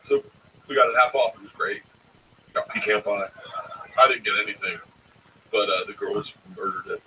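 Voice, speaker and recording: A comedian in his forties with a lowish voice and moderate pace tells profane family stories in casual conversation, acting out the quotes as an animated storyteller. The mic is distant, with faint background noise.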